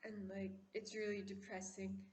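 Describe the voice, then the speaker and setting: A woman vlogger chatting casually, putting on a poised, classy-sounding voice and talking in an opinionated, animated way. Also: mid-range voice, normal speed. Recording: echoey room.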